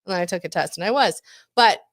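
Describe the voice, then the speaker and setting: A woman's voice: medium pitch, fast, dry recording, clean studio sound. A woman in her forties co-hosting a podcast, chatting candidly, swearing freely and laughing often. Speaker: podcast co-host. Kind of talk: casual chat.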